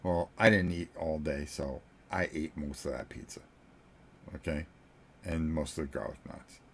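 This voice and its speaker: A man's voice: extremely low pitch, steady tone, moderate pace, a bit bright, slight background noise. A man in his sixties, a board game channel host, telling a story to viewers in a casual, joking way and chuckling between sentences. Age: 60s.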